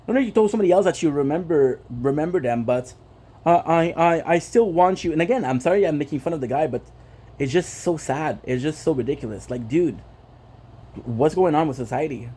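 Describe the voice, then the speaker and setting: A man's voice: a little high, dark tone, husky. A man whose first language is French, hosting a gaming stream and bluntly ranting with frustration, swearing and repeating himself. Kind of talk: casual ranting vlog.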